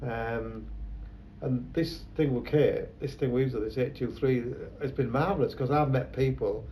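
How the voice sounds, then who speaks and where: A man's voice: mid-range voice, a little slow, mellow, slight background noise, low-quality recording. A man, a photographer telling rambling anecdotes in an interview. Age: 70s. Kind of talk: conversational interview.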